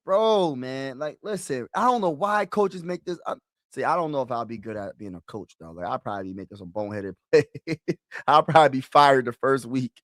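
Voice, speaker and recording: A man's voice: mid-range voice, brisk, dry recording. Guy streaming live play-by-play, hypes up big runs, slangy, dry close sound. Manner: excitable, slangy, talks to viewers as "bro"; rises loudly when calling big plays. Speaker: sports streamer. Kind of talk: live play-by-play commentary and reaction.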